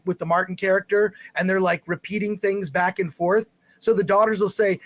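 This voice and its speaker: Reviewing a film on his live stream, this high-voiced man talks at an even clip, sounding fed up, wandering off topic, starting over, and breaking into loud bursts.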